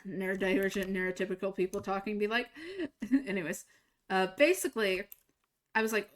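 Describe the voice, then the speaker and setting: A young woman streaming a game, telling a personal story in a casual, animated way and jumping higher to act out quoted lines. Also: fairly quick. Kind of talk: casual storytelling while gaming.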